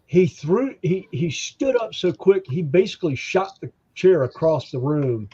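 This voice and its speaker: Lively storytelling man, dull podcast audio. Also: fairly high pitch, measured pace, breathy edge. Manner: animated storyteller who acts out quoted voices. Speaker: podcast co-host. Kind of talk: casual storytelling chat.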